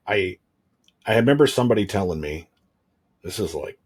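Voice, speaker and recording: A man with a husky, slightly low voice, chatting casually as a podcast host. He tells candid stories in a rambling way, full of restarts. He sounds like he is in his thirties. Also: animated, normal speed. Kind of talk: casual chat.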